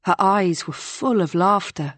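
A woman reading a novel aloud in measured scripted narration. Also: fairly low pitch, a bit bright, no room sound. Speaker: audiobook narrator.

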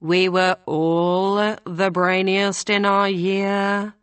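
A woman reading the part of a brusque, impatient young student with a deep voice. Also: little pitch movement, very slow, clean tone, no room sound.

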